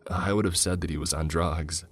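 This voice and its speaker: A man playing a gruff neighbor roused from sleep, grumbling in a very deep voice. A figure in a read-aloud horror story. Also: fairly even intonation, fairly quick, soft background music. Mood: puzzled. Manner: gruff, half-asleep grumbling. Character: groggy, grumbling male neighbor woken at night. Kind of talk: scripted narration.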